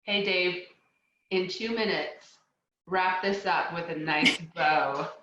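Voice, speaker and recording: A woman hosting a video call, briskly keeping speakers to time. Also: fairly low pitch, echoey room, lo-fi sound, heavy background noise. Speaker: host.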